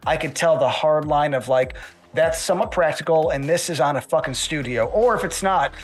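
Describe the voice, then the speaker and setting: A man chatting casually as a podcast guest, rambling and swearing, often restarting his sentences. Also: on the high side. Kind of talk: casual chat.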